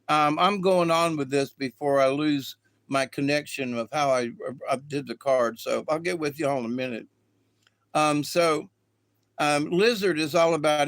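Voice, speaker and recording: A man's voice: a little high, a bit bright, dry recording. A man reading animal spirit cards on a live stream, in a folksy, meandering style with many fillers. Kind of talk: rambling live-stream storytelling.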